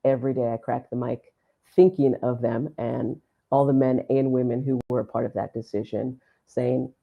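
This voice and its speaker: A woman sports announcer telling a story in a podcast interview, animated and laughing often as she acts out what people said. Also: a bass voice, moderate pace, creaky, dull audio. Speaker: sports play-by-play announcer, guest.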